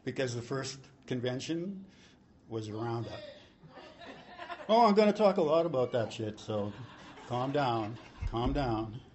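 A man's voice: mid-range voice, animated, a little slow, pauses often, darkish tone, a little hiss or hum. A man sharing his recovery story at a convention, rambling, joking and swearing freely. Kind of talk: recovery-meeting share. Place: convention hall.

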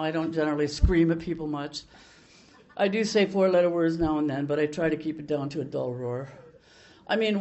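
A woman's voice: sits low, darkish tone. An older woman from Canada sharing her recovery story at a meeting, in a blunt, salty way with many restarts.

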